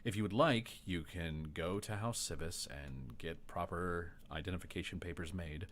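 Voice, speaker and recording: A suspicious, curt gatekeeper, as a man puts him on, issuing stern, grudging warnings. His voice sits very low in pitch. He sounds like a wary city official in a tabletop game. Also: moderate pace, fairly bright tone, slight background noise.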